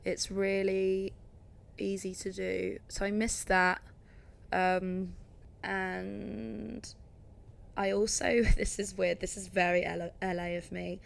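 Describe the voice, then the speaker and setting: A woman's voice: mid-range voice, level tone, takes it slowly, creaky. A young woman from England with an Essex accent, chatting casually as a podcast guest, full of "like" and sarcastic asides. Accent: English, Essex.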